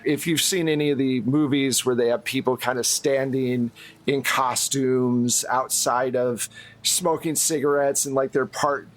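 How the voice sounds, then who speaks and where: Relaxed man narrating as game master. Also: mid-range voice, unhurried.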